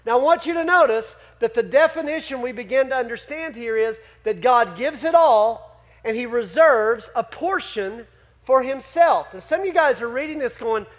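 A man with a notably high voice preaching to his congregation. He is animated and keeps firing questions at the crowd to draw them in. His delivery swings between punchy emphasis and quieter explaining. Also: moderate pace. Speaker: pastor. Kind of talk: sermon.

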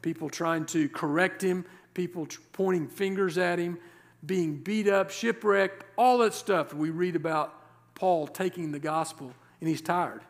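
A male pastor preaching a sermon, reading scripture verses and explaining them with rhetorical questions and slowed, stressed words. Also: sits high. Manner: emphatic, slows down to stress key words.

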